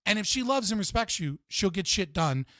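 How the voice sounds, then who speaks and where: A man's voice: high-pitched, very animated, brisk, a bit bright, no room sound. A man giving blunt, profane, rambling relationship advice in casual podcast talk.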